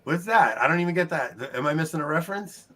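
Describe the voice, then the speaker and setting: A man with a bright, forceful tone and an unmistakable Long Island New York accent runs a casual trivia game. He is upbeat and chatty, often laughing and breaking off to talk to the chat. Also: fairly high pitch, lively intonation, fast. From New York, United States. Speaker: trivia show host. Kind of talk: casual livestream game hosting. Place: his home.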